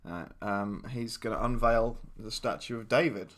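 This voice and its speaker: A man's voice: on the low side, normal speed, fairly bright tone. A man from the UK hosting a comedy podcast, joking in casual chat. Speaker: podcast host.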